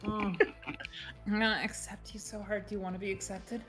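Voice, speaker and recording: A woman's voice: mid-range voice, little pitch movement, brisk, over music. A woman playing a tabletop game, chatting and joking casually out of character, playful and bawdy.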